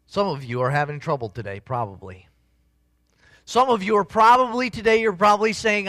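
A pastor delivers a sermon in an earnest, conversational way that builds into emphatic swells. His voice sits high and sounds bright and forceful. The sound is dry and close, with little room in it. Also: lively intonation, a little fast, no room sound.

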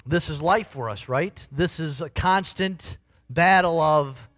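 A pastor delivers a sermon in an earnest, conversational way that builds into emphatic swells. His voice sits high and sounds bright and forceful. The sound is dry and close, with little room in it. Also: slow pace, no echo.

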